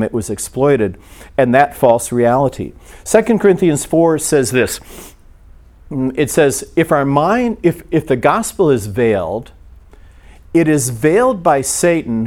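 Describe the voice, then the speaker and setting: A middle-aged pastor preaches in a loose, chatty storytelling manner. He often doubles back and restarts his sentences. His voice sits at an ordinary mid pitch for a man. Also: darkish tone. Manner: conversational storytelling, frequent restarts. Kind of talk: sermon.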